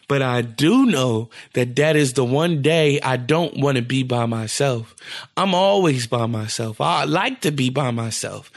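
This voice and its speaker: A man's voice: on the high side, gravelly. A young man, a podcast co-host, telling a rambling story and acting out the quotes in casual chat. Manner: animated, rambling, acts out quotes.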